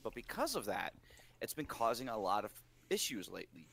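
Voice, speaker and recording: A man co-hosting a casual podcast, animated and opinionated, fond of rhetorical questions. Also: lowish voice, brisk, creaky.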